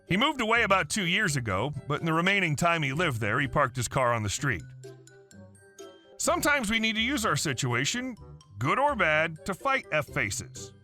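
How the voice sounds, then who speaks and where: A man narrating story posts in a scripted, wry, animated way. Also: a little high.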